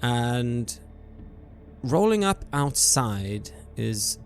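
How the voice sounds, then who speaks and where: A man running a tabletop horror game as game master, narrating scenes in a slow, hushed way with small hesitations. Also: mid-range voice, sing-song, faint music behind.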